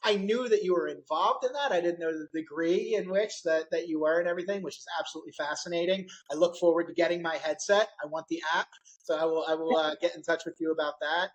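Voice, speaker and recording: A man hosting a podcast interview, telling a story with animated, acted-out quotes. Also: on the high side, fast talker, poor audio. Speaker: podcast host. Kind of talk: casual interview chat.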